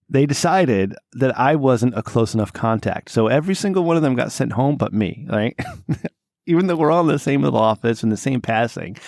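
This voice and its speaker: A man co-hosting a podcast, telling a long story in casual chat, swearing freely and jumping to a high, exasperated voice when he quotes himself. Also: vocal fry, no echo, studio quality. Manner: animated, profane, voice jumps high when exasperated. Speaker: podcast co-host.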